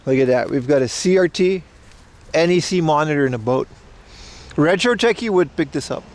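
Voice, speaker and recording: Dude live streaming outside, kinda high voice, goofy rambling jokes, faint street noise behind. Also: male voice, lively intonation, moderate pace. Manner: joking, rambling, playful self-mocking. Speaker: IRL livestream host. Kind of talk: casual walking livestream chat. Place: outdoors at an event in Japan.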